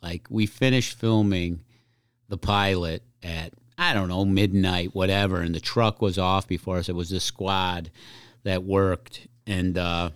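A man's voice: sits low, steady tone, unhurried, clean tone, no room sound, clean studio sound. A man with a Chicago accent, a firefighter guest telling anecdotes with frequent laughs in casual podcast chat. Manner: laughs often, tells anecdotes loosely.

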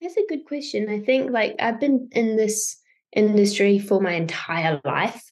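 A woman's voice: mid-range voice, measured pace, darkish tone. A young woman with a New Zealand accent, chatting as an actor guest in an interview, with frequent fillers and light laughs. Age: young adult. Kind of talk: casual interview chat.

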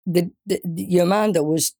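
An older woman from Wales, a guest singer, telling an anecdote in a casual interview, animated and often laughing. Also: lowish voice, moderate pace. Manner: animated storyteller, laughs often, restarts mid-sentence.

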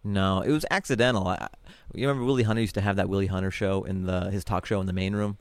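A man's voice: deep voice, steady tone, fast, no echo. A man, telling stories casually as a comedian guest on a podcast. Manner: laid-back storytelling with frequent fillers.

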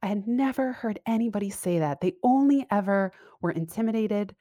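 A woman's voice: medium pitch, lively intonation, brisk, dark tone, dry recording, clean studio sound. A woman speaking as an interview guest over a remote call, reflective and candid, laughing easily and often restarting her sentences. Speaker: guest, career coach and business owner. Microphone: remote call audio.

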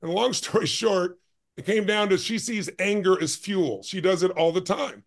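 A man who is a guest on a podcast, telling a story in an intense, emphatic way with quick bursts. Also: high-pitched, gravelly. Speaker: guest, life and business strategist.

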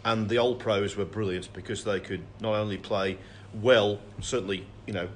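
A man with a low voice and faint background noise. He weighs his words in a podcast discussion and gives measured opinions as a snooker pundit. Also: steady tone. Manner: considered, reflective opinions. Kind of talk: casual podcast chat.

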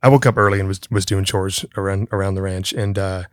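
A man's voice: low voice, steady tone, quick pace. A middle-aged man hosting a podcast, telling a story in casual chat, laughing often and acting out the voices in it. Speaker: podcast host.

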